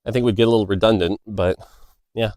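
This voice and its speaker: A man's voice: on the low side, steady tone, quick pace, a little mellow, no echo, studio quality. A man, a game designer, chatting loosely outdoors on a walk, answering questions with lots of fillers and side stories. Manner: loose, filler-heavy, storytelling. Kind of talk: casual Q&A monologue. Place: outdoors walking by a road.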